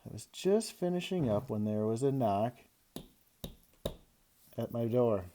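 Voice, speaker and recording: Dark-voiced man reading a story aloud. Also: mid-range voice, unhurried, slight background noise. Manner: expressive storytelling. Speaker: teacher. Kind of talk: read-aloud of a children's chapter book.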